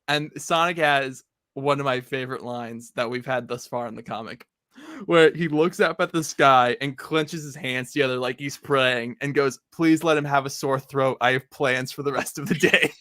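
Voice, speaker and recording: Guy rambling thru a comic recap, bright voice, super dry sound, laughs a lot. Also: medium pitch, steady tone, moderate pace, dry recording. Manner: rambling, many "like" fillers, laughs often. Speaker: podcast co-host. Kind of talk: casual comic recap chat.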